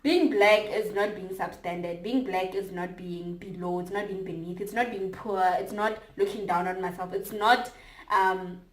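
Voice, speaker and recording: A young South African woman co-hosting a casual chat, ranting in animated, emphatic repeats. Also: mid-range voice, normal speed. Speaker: co-host. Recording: echoey room.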